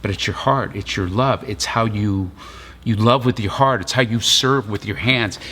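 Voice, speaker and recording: A man's voice: fairly low pitch, moderate pace, pushed and bright. A middle-aged man preaching a sermon in a conversational storytelling way, acting out the voices of the people in his story. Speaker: pastor.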